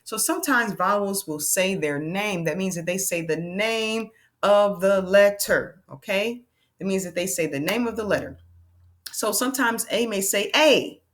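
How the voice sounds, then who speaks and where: A woman teaching a children's phonics lesson, slowly sounding out vowels and letters and checking in with the class with an encouraging "okay?". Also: medium pitch.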